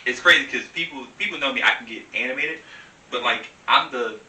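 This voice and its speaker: A young man chatting as a guest in a loose, slangy way, animated and laughing often. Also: mid-range voice, a little fast, echoey room, far from the mic, poor audio. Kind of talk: casual chat over wine.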